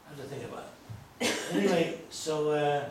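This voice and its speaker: At a normal speed and fairly high pitch, a male rabbi delivers a rambling, anecdotal lecture with joking asides to a small group. It was recorded from a distance in an echoey room, with faint noise.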